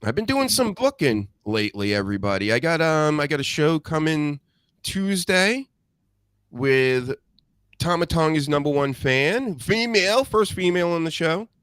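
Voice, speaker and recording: A man's voice: fairly high pitch, expressive, normal speed, a bit bright, clean tone, dry recording, clean studio sound. Blunt, crude-joking male show host. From New England. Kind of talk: casual live-stream chat.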